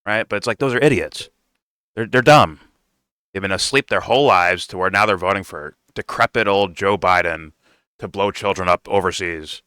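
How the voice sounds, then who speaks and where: A man's voice: low-pitched, normal speed, bright, forceful tone, clean tone, dry recording, clean studio sound. A man doing casual reaction commentary, blunt and profane, rambling and restarting his sentences. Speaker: reaction streamer.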